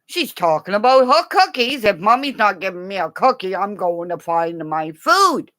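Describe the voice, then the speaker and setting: A woman voicing her hungry family dogs, who beg for cookies in squeaky, pleading tones. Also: big pitch swings, normal speed, fairly bright tone.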